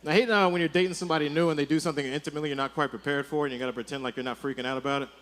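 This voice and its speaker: A man doing a stand-up comedy set for a live audience, telling animated stories and tagging his lines with "right?". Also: on the high side, racing.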